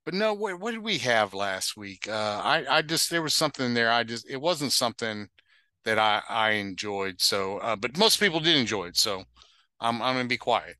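A man's voice: medium pitch, expressive, moderate pace, bright, forceful tone, no room sound. A man hosting a casual sports podcast, rambling and correcting himself as he goes. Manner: rambling, self-correcting, chuckles. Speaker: podcast host. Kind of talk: casual interview chat.

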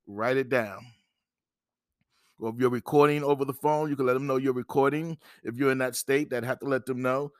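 A man's voice: mid-range voice, steady tone, fairly quick, dry recording, clean studio sound. Emphatic man coaching listeners on podcast. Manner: repetitive, emphatic, acts out phone calls. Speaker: podcast host giving credit advice. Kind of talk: instructional podcast monologue.

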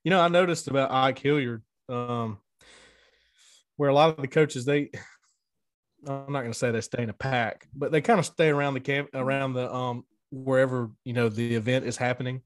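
Male co-host, relaxed chatty delivery, dry recording. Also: medium pitch, moderate pace, dry recording. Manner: easygoing, laughs, short agreeing replies. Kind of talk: casual sports recruiting chat.

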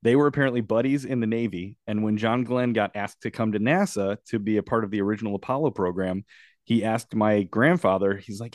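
A man's voice: fairly low pitch, quick pace, no room sound, studio quality. A man co-hosting a podcast, telling stories in a chatty, casual way into a podcast microphone. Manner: chatty storyteller. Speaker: podcast co-host. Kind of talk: casual chat.

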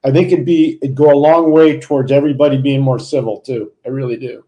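A man's voice: medium pitch, fairly even intonation, quick pace, muffled recording. A man co-hosting a podcast, stating his opinions earnestly and with emphasis. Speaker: podcast host. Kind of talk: casual chat.

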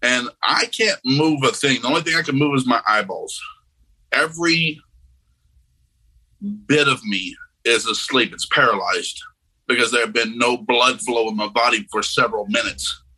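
A man with a husky, bright-edged voice recounts a frightening personal experience. He talks casually and keeps slipping into the voices of the people he quotes. The telling is loose and conversational, full of fillers and restarts. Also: mid-range voice, normal speed, rough recording. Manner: animated, acts out quoted voices. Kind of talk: personal storytelling.

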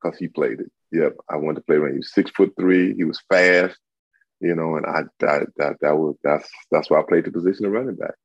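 A man in his sixties, a guest on an interview show, telling stories in a lively way and acting out what others said. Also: fairly quick, slightly rough, no echo, dull audio. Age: 60s. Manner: animated storyteller, acts out quotes in a high voice. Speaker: guest, retired football player. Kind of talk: casual interview.

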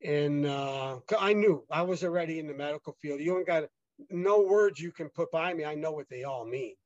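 A man as a podcast guest telling his own story in a casual, halting way, with many fillers and restarts. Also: a little high, no room sound, dull audio.

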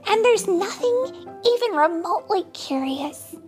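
A woman voicing a curious, bored little female kitten in a storybook read-aloud, in a high, sing-song voice. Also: expressive, unhurried, soft background music.

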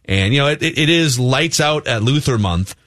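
Chatty man co-hosting sports radio, with a middle-pitched voice. He talks easily, moving from sports gossip into live ad reads. The studio sound is dry and close. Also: lively intonation, moderate pace, a bit bright, no echo. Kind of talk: sports talk radio banter.

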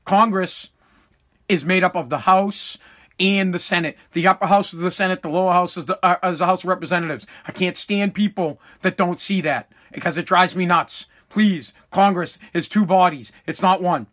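A man's voice: high-pitched, moderate pace, fairly bright tone. A man delivering an angry, profane political rant, heated and repetitive, talking through a freshly pulled tooth. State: recovering from a tooth extraction.

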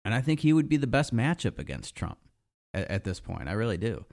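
A man's voice: fairly low pitch, big pitch swings, a little fast, vocal fry, a little mellow. A man giving a casual, sarcastic opinion monologue as a political commentator, rambling and swearing freely. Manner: sarcastic, profane, rambling with restarts.

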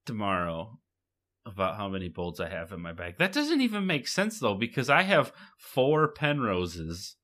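A man's voice: lowish voice, sing-song, normal speed, fairly bright tone. A young man co-hosting a casual podcast chat, rambling and correcting himself as he goes. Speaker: podcast co-host.

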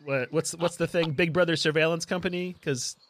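A man playing a tabletop game, playful and quick with jokes. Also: a little high, steady tone, fairly bright tone. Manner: playful, tosses in put-on lines. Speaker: player. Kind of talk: casual chat, joking.

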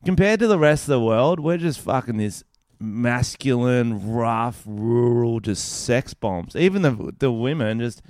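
A young Australian man bantering on a podcast, loose and crude, swearing as he jokes. His voice is smooth and resonant, and the sound is close and dry with no room in it. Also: mid-range voice, expressive, a little slow, darkish tone, dry recording. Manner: joking, swears freely, does mock accents. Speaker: podcast co-host.

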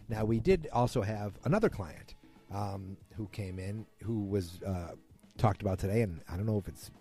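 Rambling low-voiced man recapping a show. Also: mellow. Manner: rambling, self-correcting, quoting characters loosely. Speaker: podcast host. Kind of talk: casual episode recap.

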